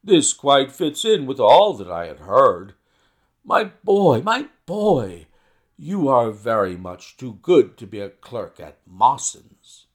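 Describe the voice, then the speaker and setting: A man voicing a brisk, sharp-spoken, bearded financial agent who flatters loudly in a story reading. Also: medium pitch. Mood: effusive.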